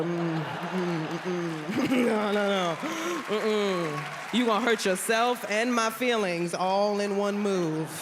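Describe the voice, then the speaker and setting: Playful woman comic from New York. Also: mid-range voice. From South Bronx, New York. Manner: animated, playful teasing, loud bursts. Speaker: stand-up comedian. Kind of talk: stand-up comedy set. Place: large theater stage before a live audience. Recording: reverberant hall with loud crowd noise.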